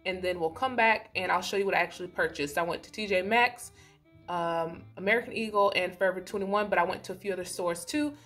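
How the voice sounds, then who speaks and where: A woman's voice: lowish voice, quick pace, a bit bright, soft background music. Upbeat middle-aged woman host. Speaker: host of a fashion channel. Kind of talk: scripted intro.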